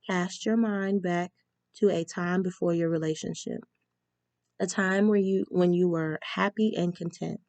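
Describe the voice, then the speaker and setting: A woman's voice: fairly low pitch, gravelly, a little mellow, dry recording. A woman giving a casual tarot reading, chatty and reading spell instructions aloud with frequent ums. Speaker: tarot reader.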